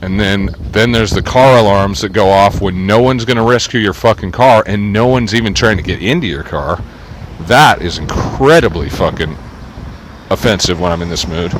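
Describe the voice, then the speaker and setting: Lowish dude ranting, swears a ton, sarcastic and rambly, faint traffic noise. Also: male voice, normal speed, poor audio. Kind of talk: casual profane rant while reading a book aloud.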